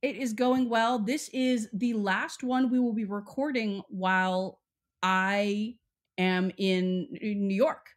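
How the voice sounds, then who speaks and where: A woman's voice: mid-range voice, steady tone, takes it slowly. A young woman from Texas co-hosting a podcast, chatting casually and rambling with lots of "like". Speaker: podcast co-host. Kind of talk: casual chat.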